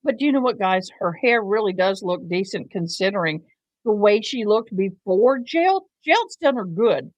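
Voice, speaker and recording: A woman's voice: mid-range voice, animated, normal speed, dry recording, low-quality recording. A woman hosting a casual live commentary stream, chatty and teasing as she talks to her viewers. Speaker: livestream host.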